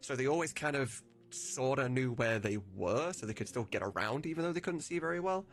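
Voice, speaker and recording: A man's voice: medium pitch, expressive, brisk, soft background music. A man who hosts a live stream and creates mods, explaining his plans in casual chat with restarts and chuckles. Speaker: mod creator, host.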